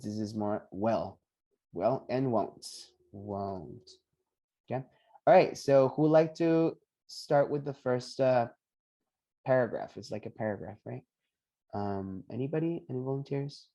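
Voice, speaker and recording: A man teaching English pronunciation on a video call, patiently repeating each word slowly for his students. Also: medium pitch, mellow. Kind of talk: online pronunciation lesson.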